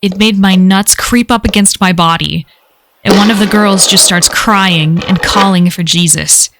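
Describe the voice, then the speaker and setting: A woman's voice: medium pitch, a little slow, noisy background. Woman casually reading a horror story. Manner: casual, profane first-person telling. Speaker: story reader.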